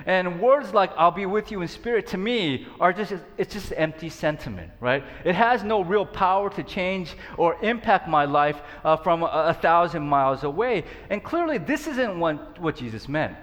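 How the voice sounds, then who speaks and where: Man, preacher, fairly high voice, earnest and conversational, long hall reverb. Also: very animated, normal speed, hardly any pauses, fairly bright tone, highs cut off. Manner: earnest, conversational, frequent fillers and restarts. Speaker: pastor. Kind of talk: sermon.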